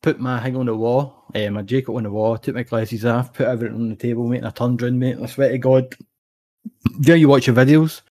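A man's voice: medium pitch, fairly even intonation, fast talker, darkish tone. A young Scottish man chatting on a podcast, telling a long rambling story with plenty of swearing. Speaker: podcast co-host. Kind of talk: casual chat.

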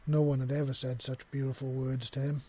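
A man with a husky, mid-range voice narrates a written story in an audio reading. His delivery is steady and even, at a fairly quick pace.

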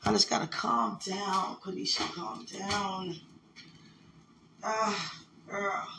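A woman, a mother, softly and emotionally talking aloud to a loved one in a personal podcast monologue, close to tears. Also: medium pitch, fairly even intonation, slow, creaky, long pauses, noisy background. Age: adult with a son. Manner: soft, intimate, thinking aloud. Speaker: podcast host.

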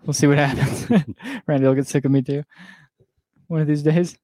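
A man's voice: a little high, steady tone, moderate pace, mellow, no room sound. A man hosting a podcast in casual chat, laid-back and laughing easily. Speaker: podcast host.

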